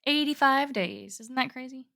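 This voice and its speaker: A woman's voice: sits high, moderate pace, gravelly, bright, forceful tone. A young woman talks in a loose, rambling way, dropping "like" and "um" all through her sentences. She is co-hosting a casual podcast chat. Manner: chatty, rambling, full of "like" and "um". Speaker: podcast co-host.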